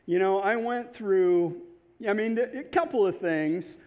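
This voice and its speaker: High-voiced chatty preacher man. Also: slow pace, darkish tone. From Nebraska, USA. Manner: chatty and self-deprecating, joking asides. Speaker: guest pastor. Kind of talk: informal sermon opening, personal storytelling. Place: church in front of a congregation.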